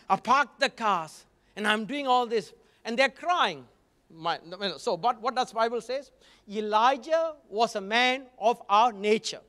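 Male guest preacher, high-pitched, storytelling sermon delivery. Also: long reverb tail. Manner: storytelling preacher, animated with frequent asides.

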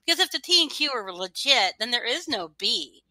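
A woman's voice: a little high, sing-song, a little fast, noisy background. A woman hosting a talk radio show, speaking bluntly and with plenty of swearing. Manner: blunt, profane and opinionated. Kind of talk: political talk radio chat.

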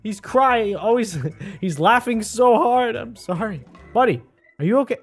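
A man doing casual gameplay commentary, chatty and excitable, often talking to the character on screen. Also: very high-pitched, measured pace, soft background music. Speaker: gaming video host. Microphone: desk microphone.

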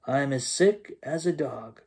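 A man voicing a grumpy sick man on the phone in a storybook read-aloud, with a croaky, subdued voice. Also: medium pitch, animated, measured pace, a little mellow. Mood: grumbling.

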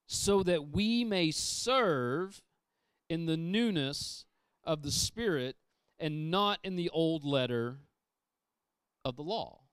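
A male pastor delivers a sermon in a smooth, resonant voice pitched a little high. He drives points home through repetition, swinging between forceful emphasis and quiet intensity. The sound is close and dry, with little room echo. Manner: emphatic, repeats phrases, shifts from loud to hushed. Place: church sanctuary.

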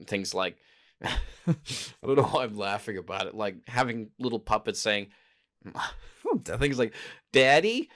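A man's voice: lowish voice, fairly bright tone, clear, resonant tone. A man hosting a casual solo podcast, rambling and hesitant, often stopping to correct himself. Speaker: podcast host. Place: home in Japan.

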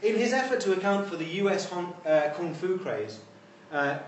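In an echoey lecture hall, a man with a high voice and lively intonation lectures informally at a moderate pace, adding wry, chatty asides. The distant room mic catches him from far away along with a little hiss or hum.

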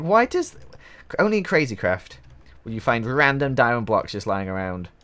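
A young man talks through his game play in a middle-pitched voice. He sounds excitable, breaking into loud exclamations and strings of repeated words whenever something catches him off guard. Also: moderate pace. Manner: excitable, exclaiming and repeating himself when surprised. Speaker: gaming YouTuber. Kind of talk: Minecraft let's-play commentary.

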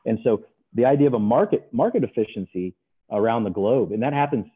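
A middle-aged man, a guest trader, talking casually and telling stories with lively acted-out voices. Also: mid-range voice, fairly quick, husky. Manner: animated storyteller, acts out other voices. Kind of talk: casual interview talk. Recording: tinny phone-like remote line.

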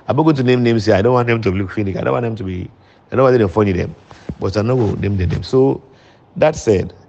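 A man's voice: on the low side, warm tone. A middle-aged man with a Sierra Leonean, Krio-inflected accent, giving a repetitive, reassuring public statement to supporters and the press. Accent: Sierra Leonean, Krio-inflected English. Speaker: former government minister. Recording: dull lo-fi recording.

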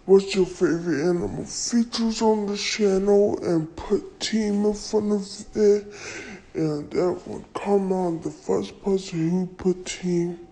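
Woman as a sleepy old turtle, crawling slow delivery, soft dark tone. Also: medium pitch, close to an everyday voice, poor audio. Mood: drowsy. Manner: slow, drawn-out rambling.

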